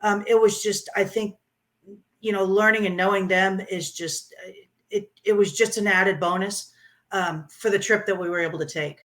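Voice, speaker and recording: A woman from Florida telling her motorcycle trip story in an interview, animated and laughing, with many ums and restarts. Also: mid-range voice, normal speed.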